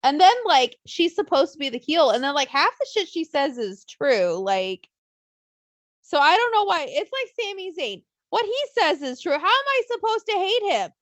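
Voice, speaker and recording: A young woman co-hosting a casual wrestling podcast, blunt and animated, swearing freely and acting out what fans would say. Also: high-pitched, moderate pace, no echo, studio quality. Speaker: podcast co-host.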